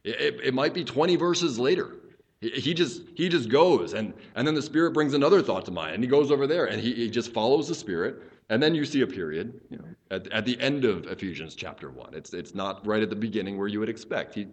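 A man's voice: medium pitch, expressive, a little fast. A man preaching an expository teaching sermon as a pastor, explaining earnestly and often restarting his phrases as he thinks aloud.

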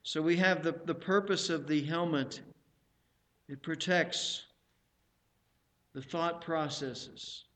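A man preaching a sermon, speaking emphatically, repeating phrases and slowing and rising when he quotes scripture. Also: fairly high pitch, steady tone, fairly bright tone.

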